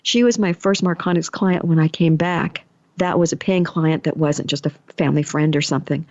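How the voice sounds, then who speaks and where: A woman's voice: deep voice, moderate pace, a little mellow, no room sound. A middle-aged woman hosting a podcast, telling a personal story in a chatty way and acting out the lines she quotes. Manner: chatty, acts out quoted thoughts and dialogue. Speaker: podcast host and energy healer. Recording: dry, slightly dull podcast mic.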